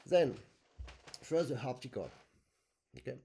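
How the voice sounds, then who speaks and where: Animated man teaching accordion. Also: mid-range voice, measured pace, vocal fry, husky. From France. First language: French. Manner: animated, sings rhythms in syllables, non-native English phrasing. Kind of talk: masterclass teaching with sung demonstrations.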